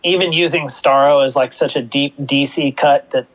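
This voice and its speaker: A mid-pitched man joining a podcast chat about a movie. He makes light, self-deprecating jokes and laughs along with the others. His tone stays relaxed and conversational. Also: moderate pace, low-quality recording. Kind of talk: casual film discussion.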